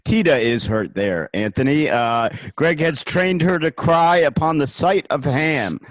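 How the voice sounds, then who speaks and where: A man's voice: on the high side, lively intonation, unhurried, dry recording. A man in a casual comedy podcast chat, speaking in a dry, mock-formal way. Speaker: podcast co-host.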